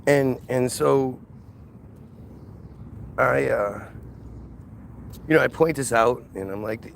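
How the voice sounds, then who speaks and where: A man's voice: medium pitch, takes it slowly, creaky, long pauses, slight background noise. A man talking in a heated, casual monologue, mocking and contemptuous as he rants. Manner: ranting, repetitive restarts.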